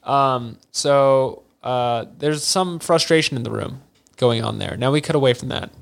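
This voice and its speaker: A man's voice: medium pitch, a little slow, gravelly. A man co-hosting a podcast, recapping an anime episode in casual comedic chat and slipping into silly voices. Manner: jokey, does silly character voices. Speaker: podcast co-host.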